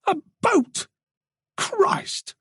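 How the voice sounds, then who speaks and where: A woman's voice: sits high, big pitch swings, measured pace, slightly rough, no echo, studio quality, pitched above the performer's own voice, exaggerated voice. A narrator voicing a shaken young woman detective who speaks urgently and breaks toward sobs. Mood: shocked.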